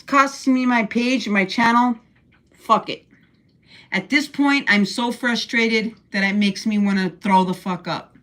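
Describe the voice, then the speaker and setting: A woman's voice: mid-range voice, a bit bright. An older woman hosting a casual livestream from her room at home, blunt and profane as she rants. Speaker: livestream host.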